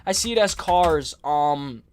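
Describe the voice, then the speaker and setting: A young livestream host chats casually in a voice that's a little high and slow. He's excitable and rambling, repeating himself often and peppering his speech with "like" and "bro."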